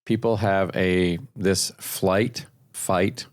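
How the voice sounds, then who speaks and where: A man's voice: sits low, fairly even intonation, very slow. A man co-hosting a sales podcast, coaching listeners in an explanatory way and repeating points for emphasis. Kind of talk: podcast discussion.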